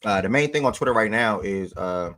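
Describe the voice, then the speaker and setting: A man's voice: lowish voice, expressive, brisk, fairly bright tone. A man hosting a sports livestream, talking to his chat in loose, slangy casual speech. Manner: loose slangy talk, breaks off to call his dog.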